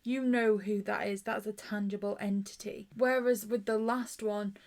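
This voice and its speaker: A woman from the UK co-hosting a review podcast in casual chat, teasing and quick to push back on her co-host. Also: mid-range voice, steady tone, darkish tone.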